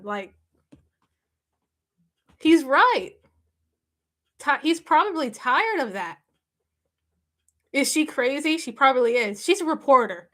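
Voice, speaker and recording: Bright high-voiced woman chatting on stream. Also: lively intonation, slow, long pauses. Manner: emphatic, repeats herself, laughs often. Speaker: live stream host. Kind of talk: casual reaction chat with viewers.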